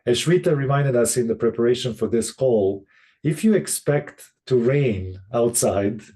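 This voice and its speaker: A man presenting on a video call, talking in a halting way with many restarts and fillers. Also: medium pitch, dark tone. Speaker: session facilitator. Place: room in Boston.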